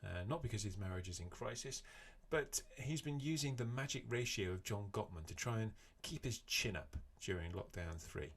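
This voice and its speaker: Brief: middle-aged podcast host, low-pitched, easygoing and chatty. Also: male voice, normal speed, hardly any pauses, husky. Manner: relaxed, chatty, with frequent fillers. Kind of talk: casual podcast chat.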